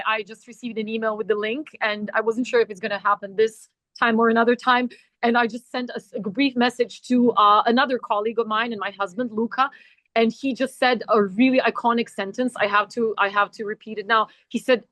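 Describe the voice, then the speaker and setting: A woman's voice: a little high, steady tone, a little fast, a bit bright, no echo. A woman academic introducing herself on a video call, talking in a hesitant way with many fillers and restarts. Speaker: academic guest. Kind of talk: webinar introduction. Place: traveling, quiet corner with faint music.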